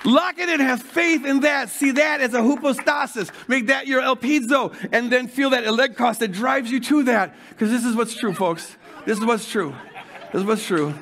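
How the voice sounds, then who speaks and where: Older man, pastor, sermon, high voice, fervent preaching, hushed guided passages. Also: moderate pace. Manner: fervent preaching, rising to shouts.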